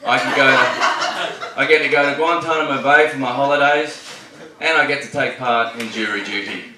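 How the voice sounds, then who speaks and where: A man's voice: medium pitch, normal speed, bright, forceful tone. A man with an Australian accent doing a brash, profane stand-up comedy set on a club stage. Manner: brash and profane, punchy delivery. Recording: echoey club from a distance, noisy.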